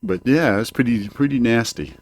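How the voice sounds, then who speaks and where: A man's voice: medium pitch, normal speed. An older man ranting at home into a desk microphone, profane and rambling, often stalling on fillers. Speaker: home video show host. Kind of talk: ranting monologue. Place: home, indoors.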